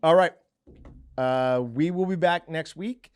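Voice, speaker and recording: A man's voice: fairly high pitch, takes it slowly, clean tone, no room sound. Joking male podcast host. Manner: joking, laughs often, wraps up the show. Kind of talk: casual podcast chat.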